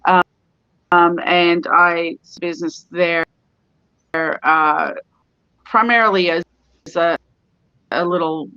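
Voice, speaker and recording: A woman's voice: lowish voice, fairly even intonation, slow pace, pauses often, pushed and bright, clear, resonant tone, no echo. A middle-aged woman from California, a spa owner chatting as a guest in a remote interview. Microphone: video call. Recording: dull lo-fi call audio.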